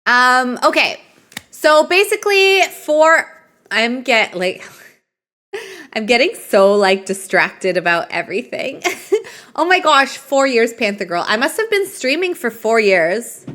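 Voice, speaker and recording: Woman streamer, chatty live game commentary, reads options aloud, tired, bright sharp tone. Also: a little high, sing-song, takes it slowly.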